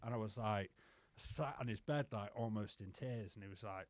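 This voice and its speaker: A man's voice: lowish voice, brisk, hardly any pauses, no room sound. A man telling rambling, sweary personal stories as a podcast guest. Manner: rambling, sweary, says "mate" constantly. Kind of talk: casual storytelling.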